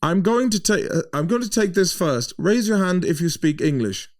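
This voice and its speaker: A man putting on the voice of a commanding German woman who takes charge. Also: animated. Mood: bossy. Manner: high, emphatic, deliberate mimicry.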